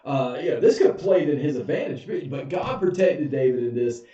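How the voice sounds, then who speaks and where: A man's voice: a little high, lively intonation, fairly quick, warm tone. A man, a pastor giving a casual, humorous Bible study in a church sanctuary. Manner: folksy, humorous, chuckles often. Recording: echoey, dull, far from mic.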